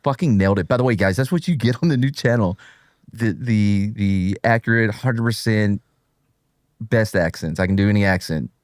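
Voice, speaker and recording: A man's voice: fairly low pitch, moderate pace, no room sound, studio quality. A man co-hosting a livestreamed talk show, joking around and getting distracted while he reads the chat. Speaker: co-host. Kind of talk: casual livestream banter.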